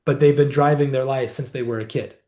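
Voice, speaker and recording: A man, a guest healer and coach, telling client stories in a measured, reflective way in a podcast interview. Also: medium pitch, steady tone, mellow.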